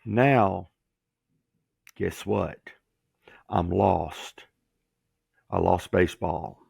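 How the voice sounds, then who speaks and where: A middle-aged man with a deeply gravelly, somewhat husky voice tells his story in an animated way. He slips into the voices of the people he quotes. The sound is dry and close. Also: very slow, no echo. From Georgia, USA. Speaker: guest, former pro wrestler. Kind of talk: storytelling interview.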